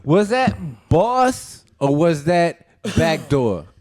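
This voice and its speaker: A man's voice: a little high, very animated, very slow, a little mellow. A man hosting a casual podcast chat, spinning a story and acting out the dialogue. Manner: storytelling, acts out quoted dialogue. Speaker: podcast host.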